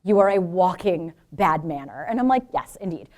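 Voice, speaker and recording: A woman's voice: on the low side, expressive, moderate pace, a little mellow. A middle-aged woman from Brooklyn and New Jersey giving a public lecture as a professor, frank and informal, with asides to the audience.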